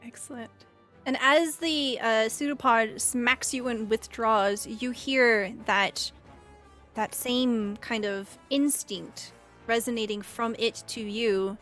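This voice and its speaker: A woman's voice: on the high side, steady tone, slow pace, a bit bright, faint music behind. A woman narrating a tabletop game as game master, casual and filler-heavy.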